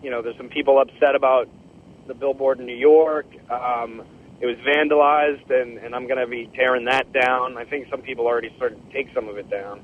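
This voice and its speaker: A man voicing a rambling young guy who leaves a halting phone message about money and an injured tailbone. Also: mid-range voice, fairly even intonation, slight background noise, natural voice. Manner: rambling, halting, squeals at the end. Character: Terrifying Tim, a boastful young man leaving a phone message. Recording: tinny phone line.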